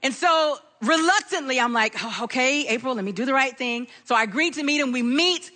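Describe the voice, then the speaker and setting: High, bright-voiced woman preaching. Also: a little fast. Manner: animated, acts out quoted voices in her story. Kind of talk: sermon with personal storytelling.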